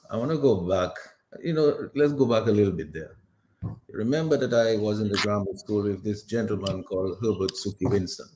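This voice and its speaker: A man's voice: lowish voice, darkish tone. A man reminiscing casually on air, answering a colleague. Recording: echoey line with faint noise.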